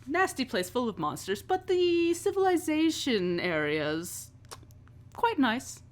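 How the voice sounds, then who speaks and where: A woman's voice: high-pitched, big pitch swings, takes it slowly, voice pushed up, exaggerated voice. A woman voicing a brash, eccentric female boss with a grand, theatrical manner in a tabletop game. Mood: gushing.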